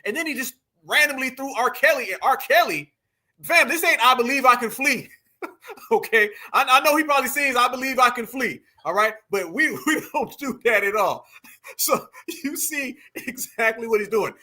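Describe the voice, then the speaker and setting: Man, high pitch, sharp bright tone, animated mocking commentary. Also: moderate pace. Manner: animated, mocking, laughing often. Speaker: commentary channel host. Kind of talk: reaction commentary.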